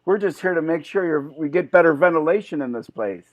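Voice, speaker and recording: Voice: medium pitch, expressive, fairly quick, no echo, muffled recording. An improv performer rattles off pun-driven bar jokes, punchy and direct. The sound is close and dry, with no room around it. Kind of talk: improv joke telling.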